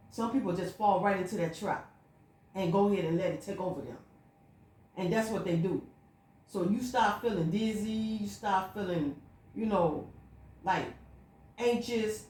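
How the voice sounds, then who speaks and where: A woman's voice: medium pitch, darkish tone. A woman vlogging a personal spiritual monologue, telling her story in an emphatic, repetitive, looping way. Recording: echoey room.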